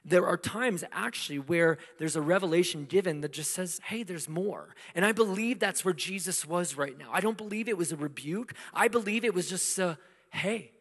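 A man preaching a sermon in a conversational way, asking rhetorical questions and swinging between loud emphasis and hushed asides. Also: high voice, moderate pace. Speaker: pastor. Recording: long hall reverb.

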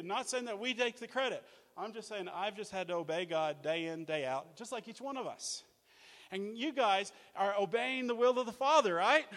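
A man from Australia preaching a sermon, energetic and jokey, telling stories and acting out what people said. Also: sits high, normal speed, big-room sound. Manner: energetic, animated, jokey, acts out quotes. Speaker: guest preacher, mission leader. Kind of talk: sermon with storytelling. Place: church.

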